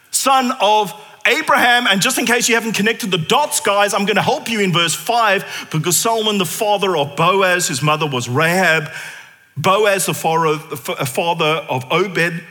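Male preacher, high bright voice, theatrical sermon, long hall reverb. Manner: animated, theatrical, shifts to hushed intensity. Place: church.

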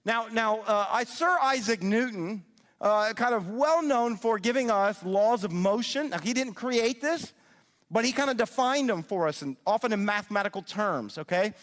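A middle-aged man giving an animated sermon-style teaching, often checking in with his listeners. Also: high-pitched, normal speed. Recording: long reverb of a large hall.

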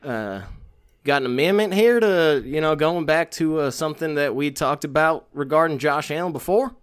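A man's voice: on the high side, moderate pace, clean tone, dry recording, studio quality. A man co-hosting a casual podcast, rambling in a folksy way with country sayings and lots of filler words. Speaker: podcast co-host. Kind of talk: casual podcast banter about fantasy football.

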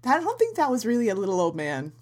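A woman's voice: fairly high pitch, wildly swooping pitch, a little mellow. Woman playing a wry scheming con artist. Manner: wry, quick-witted. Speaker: cast member of a comedy audio drama. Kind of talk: semi-improvised comedy audio drama.

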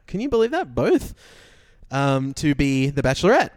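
Lively man recapping a show. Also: medium pitch, normal speed, dry recording, clean studio sound. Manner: chatty, laughs often, many fillers. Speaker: podcast co-host. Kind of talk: casual recap chat.

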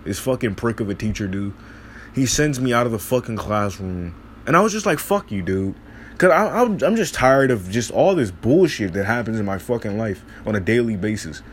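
A teenage boy with a medium-pitched voice vents as a frustrated high school student, swearing nonstop and rambling with many restarts. There's slight background noise.

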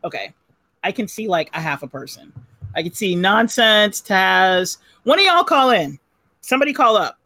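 A woman from Southern California hosts a live call-in podcast, talking casually and swearing freely as she tells stories. Her pitch swoops up and down with animated energy. The sound is dry and close. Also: moderate pace, dry recording. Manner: profane, chatty, laughs often. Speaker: podcast host taking calls. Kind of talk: casual live chat show.

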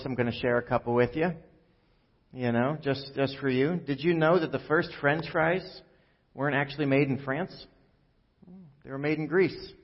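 A pastor delivers a relaxed, joking sermon, full of fillers and asides. His voice rings out in a big echoey church hall. The recording sounds muffled and dull. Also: mid-range voice. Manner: conversational, joking, many fillers.

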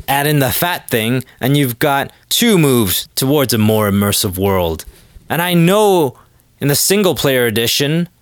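A man's voice: mid-range voice, no echo, studio quality. A young man hosting his own podcast, rambling casually and making self-deprecating jokes. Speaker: podcast host. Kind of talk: casual solo monologue.

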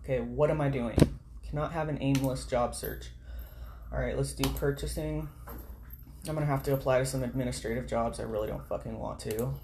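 A woman with an exceptionally deep, low voice talks to herself at her computer, cursing casually and reading job listings under her breath. Keys tap faintly in the background as she scrolls. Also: steady tone, brisk, noisy background. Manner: muttering to herself, swears often, reads listings aloud. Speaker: vlogger. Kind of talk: casual talk while job hunting online. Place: at home at a computer. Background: keyboard typing.

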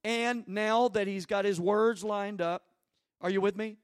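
A male preacher with a notably high voice delivers a sermon with fervent conviction. His delivery swells from teaching into loud, impassioned prayer. The sound is dry and close, with no room echo. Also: fairly even intonation, a little slow, clean tone.

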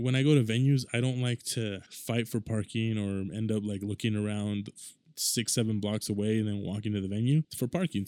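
A man's voice: fairly low pitch, darkish tone, clean tone, no echo, studio quality. A young man in his twenties hosting a casual solo podcast, talking in a rambling, conversational way with lots of fillers. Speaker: podcast host.

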